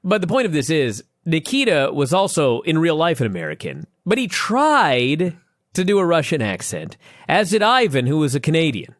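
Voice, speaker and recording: Lively, profane man co-hosting a podcast. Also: on the high side, moderate pace, dry recording, studio quality. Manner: animated, profane, joking. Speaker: podcast co-host. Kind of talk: casual chat.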